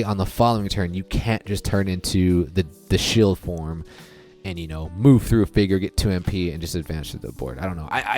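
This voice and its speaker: A gaming video creator with a low voice gives casual commentary over recorded play, with faint music underneath. He thinks out loud as he goes, chatty and restarting often, with plenty of "I'm like" retellings.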